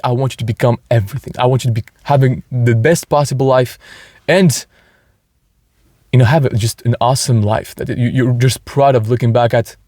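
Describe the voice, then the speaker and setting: A man's voice: mid-range voice, a little mellow, no echo. A man hosting a motivational podcast, talking earnestly and enthusiastically, with frequent restarts. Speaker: podcast host.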